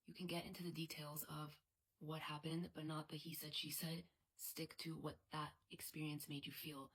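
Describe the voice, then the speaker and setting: A woman with a low, husky voice coaching a tapping exercise. Her delivery stays soft and often drops to a whisper. The pitch barely moves, and a gravelly edge runs under her words. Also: little pitch movement, moderate pace. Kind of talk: guided tapping instruction.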